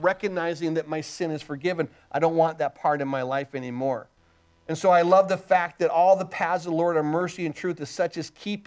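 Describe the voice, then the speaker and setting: A man with a high voice delivers a sermon, reading scripture verses aloud. He keeps putting rhetorical questions to the congregation, rising to loud emphasis and dropping low and quiet. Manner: emphatic preaching, asks the crowd rhetorical questions, swings loud and soft. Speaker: pastor.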